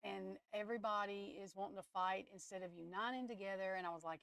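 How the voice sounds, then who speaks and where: A woman's voice: mid-range voice, steady tone, fast talker, creaky, hardly any pauses, a bit bright, no echo. A woman, hosting a livestream from home and chatting bluntly and openly with her viewers, cursing now and then. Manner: chatty and blunt, curses, talks straight to her chat. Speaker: tarot reader and livestream host. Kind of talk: casual livestream chat.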